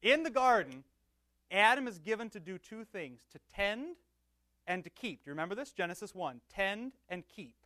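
A man preaching as pastor, teaching with banter and swinging from soft asides to loud emphatic bursts. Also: sits high, very animated, moderate pace, no echo. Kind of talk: teaching sermon with audience banter.

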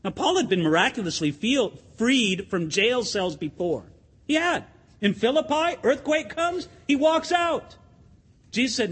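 A man's voice: high voice, sing-song, normal speed, fairly bright tone, husky. A pastor preaching a sermon in an earnest, emphatic way, addressing his listeners as friends in a church sanctuary. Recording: long hall reverb.

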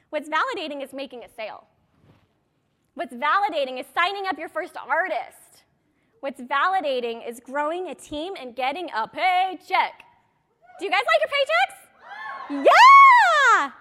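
A woman's voice: very high-pitched, a bit bright. A woman in her thirties coaching a direct sales audience in a chatty motivational talk, with rambling, self-deprecating asides.

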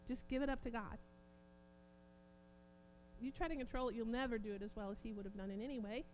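A woman preaching an informal sermon, growing impassioned and forceful at points. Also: fairly high pitch, fairly even intonation, fast, slight background noise. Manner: impassioned, rising to near-shouting emphasis.

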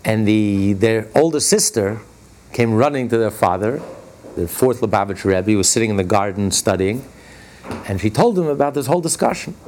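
A man teaching a religious lesson and telling stories, stressing key words with sudden jumps in pitch. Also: moderate pace, a little mellow, a little hiss or hum. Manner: retells stories by acting out their dialogue. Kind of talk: Torah class storytelling.

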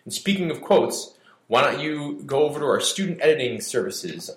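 A man's voice: medium pitch, lively intonation, normal speed, roomy sound. A man hosting a podcast for an editing service, reading a scripted explainer with wry, mock-dramatic touches.

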